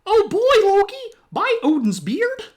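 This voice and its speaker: Squeaky high cartoon mouse as a bossy thunder god, loud and giddy. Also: male voice, huge pitch swings, unhurried, full character voice. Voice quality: squeaky falsetto.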